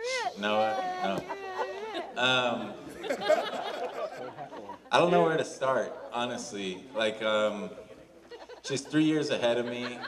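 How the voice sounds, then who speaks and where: A young man in his twenties giving an emotional wedding toast for his sister, halting and full of fillers. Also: medium pitch. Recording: distant camera, crowd noise behind.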